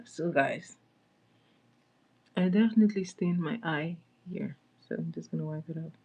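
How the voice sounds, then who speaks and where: A woman's voice: low voice, normal speed, mellow, slightly rough. A woman hosting a casual makeup livestream, chatting with viewers and greeting them by name as she applies products. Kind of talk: casual live-stream chat.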